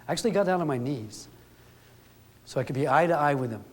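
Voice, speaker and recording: A man's voice: a little high, animated, fast talker, a little hiss or hum. Folksy man storytelling in a hall. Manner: earnest, folksy storyteller who acts out quotes. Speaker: speaker. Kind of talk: storytelling talk to an audience. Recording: long hall reverb.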